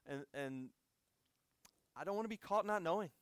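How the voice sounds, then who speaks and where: A man's voice: high-pitched, lively intonation, moderate pace, a bit bright, clean tone, dry recording, studio quality. An American man preaching a sermon as a conversational story with asides to the audience. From United States.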